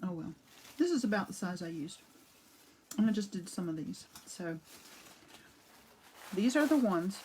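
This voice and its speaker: A chatty woman walks viewers through her paper craft in a relaxed live demo, her pitch sitting in the middle of the range for women. She rambles a little, restarts her sentences and greets viewers by name as she works. She talks around a cough drop. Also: unhurried, long pauses, slight background noise, low-quality recording. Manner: rambling, with frequent restarts and asides. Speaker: art demo host. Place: home art studio.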